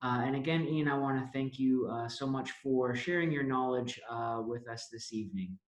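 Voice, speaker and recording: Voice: medium pitch, normal speed. Polite webinar host in an echoey room. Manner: polite, many uh fillers, announcing. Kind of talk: moderating a webinar. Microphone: video call.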